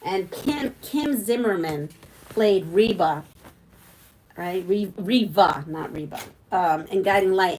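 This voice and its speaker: This is a middle-aged woman with a Brooklyn accent, hosting a casual live stream for her quilting channel. She chats with her viewers, reminisces easily, and reads their comments out loud as they come in. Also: mid-range voice, poor audio. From Brooklyn, New York.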